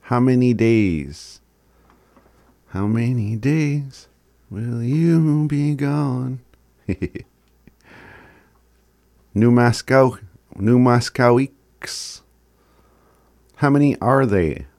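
A man teaching phrases in a casual recorded lesson, chuckling often and sounding words out slowly. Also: mid-range voice, expressive, vocal fry, darkish tone, no room sound, studio quality. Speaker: language teacher.

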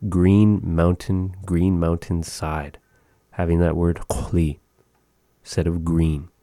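A very deep, unhurried man voice teaching vocabulary one word at a time. He repeats each word, sounding dark and mellow, as if close to a dry mic. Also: no room sound. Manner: slow, repeats each word, chuckles at odd words. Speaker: language teacher.

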